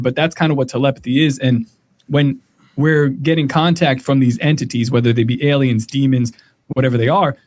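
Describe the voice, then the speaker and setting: A man's voice: medium pitch, a little mellow, no room sound. A man talking as a podcast guest in casual chat, rambling and reaching for words with many fillers.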